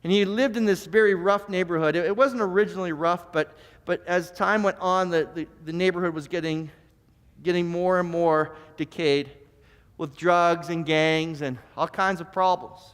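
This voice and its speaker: A man preaching a sermon, telling a story and often repeating words as he starts phrases, swinging between soft and emphatic. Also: high voice, fairly even intonation, normal speed, smooth. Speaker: pastor. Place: church sanctuary. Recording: long church reverb.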